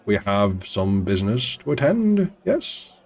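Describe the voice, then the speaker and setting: A man's voice: lowish voice, big pitch swings, unhurried, vocal fry, a little mellow, faint music behind, full character voice. A man voicing a grand, commanding owl who talks in a cool, clipped, imperious way.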